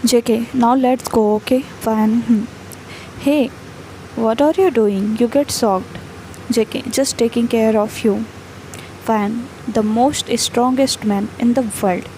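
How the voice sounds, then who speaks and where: A woman reading a fan fiction chat story aloud. She speaks each speaker name and stage cue in the same even, unvaried tone. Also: a little high, slow pace, a little hiss or hum, rough recording.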